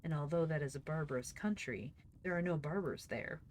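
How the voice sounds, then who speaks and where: A woman's voice: low voice, brisk, darkish tone, slight background noise, natural voice. A woman voicing a proud, boastful older male magician explaining his inventions.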